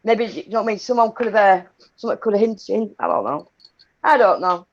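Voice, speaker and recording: A woman's voice: medium pitch, very animated, fairly quick. A woman co-hosts a casual online chat in an ordinary mid-range voice. She stops and restarts her sentences while she thinks aloud. The audio is a little muffled. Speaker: co-host.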